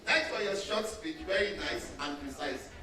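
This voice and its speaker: A man's voice: on the high side, animated, normal speed, bright, forceful tone. A Nigerian man acting as master of ceremonies, teasing speakers playfully and slipping into Yoruba. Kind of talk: joking MC banter. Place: large lecture hall with audience. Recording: echoey hall, distant mic, audience noise.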